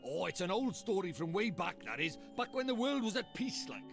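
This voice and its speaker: A chatty little fairy with a lilting Welsh accent and a colloquial way of speaking. His voice climbs up in his story lines and comes through a touch loud and forward. A clear game soundtrack plays underneath. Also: high-pitched, sing-song, fairly quick, full character voice. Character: chatty male fairy sidekick, folksy. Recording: game soundtrack music behind.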